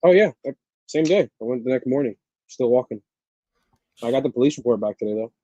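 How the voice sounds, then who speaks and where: A man chatting casually as a guest on a call, quick and trailing off at times. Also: mid-range voice, expressive, dark tone, no echo, muffled recording. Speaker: guest caller. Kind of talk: casual chat.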